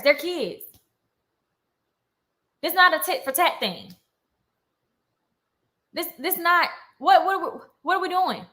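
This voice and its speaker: A young woman vlogger ranting heatedly on a live stream, indignant and fast-talking, with features. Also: high voice, bright, forceful tone.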